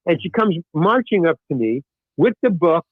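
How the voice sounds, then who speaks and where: A man, an actor and guest, telling an anecdote in a lively way, acting out the other people in his story and swearing casually. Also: fairly high pitch, normal speed, no echo. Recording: tinny phone-like line.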